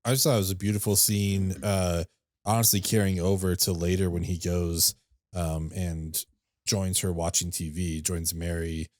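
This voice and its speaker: Male podcast co-host, very low voice, loose rambling chat style. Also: flat delivery, moderate pace, darkish tone, no room sound, studio quality. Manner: rambling, filler-heavy, laughs easily. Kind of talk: casual chat.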